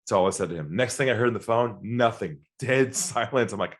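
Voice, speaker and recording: A man's voice: on the low side, brisk. A man guest on an interview podcast, teaching sales by telling stories and acting out both sides of phone calls. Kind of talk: storytelling interview talk.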